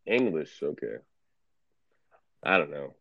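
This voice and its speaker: A man's voice: a bass voice, very animated, slow pace, fairly bright tone, breathy edge, dry recording, highs cut off. A man streaming in a casual video chat, laid-back and teasing, swearing freely. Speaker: streamer and tarot card reader.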